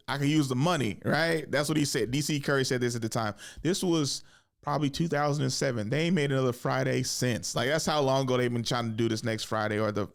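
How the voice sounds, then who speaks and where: A man in his thirties, a comedian hosting a podcast, talking casually in a rambling, profane, animated way in a podcast studio. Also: medium pitch, creaky, clean tone. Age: 30s.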